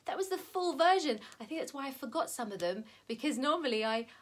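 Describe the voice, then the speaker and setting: A woman leading a live-streamed children's singalong, chatting warmly and cheering the kids on. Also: sits high, animated, brisk. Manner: bubbly, encouraging, talks straight to young children. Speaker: children's music session leader. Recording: loud strummed guitar over the voice.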